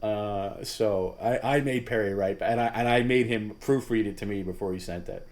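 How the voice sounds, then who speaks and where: A man with a somewhat low voice talks casually as the host of a livestream. He rambles and stops to restart his sentences, with plenty of fillers along the way. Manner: rambling, halting with many restarts and fillers, laughs at his own story; voice jumps high and loud when mimicking others.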